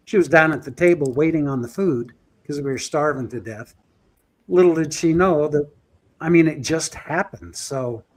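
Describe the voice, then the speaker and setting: A man recounting a story as a guest, animated and chuckling as he goes. His voice sits slightly higher than most men's. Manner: lively, chuckling, breathless storytelling. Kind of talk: animated anecdote telling.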